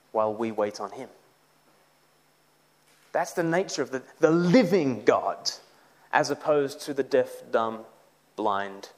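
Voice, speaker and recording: A man preaching a sermon, animated, with mocking asides. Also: mid-range voice.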